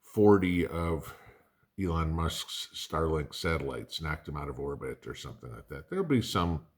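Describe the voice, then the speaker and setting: Very deep-voiced middle-aged man. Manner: conversational, rambling, folksy asides. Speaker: prepping channel host. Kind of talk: casual talk to camera.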